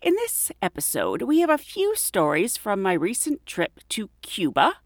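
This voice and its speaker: A woman's voice: medium pitch, wildly swooping pitch, normal speed, no room sound, clean studio sound. A middle-aged woman and flight attendant hosting a podcast, telling chatty stories, laughing often and acting out quotes. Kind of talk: casual storytelling podcast.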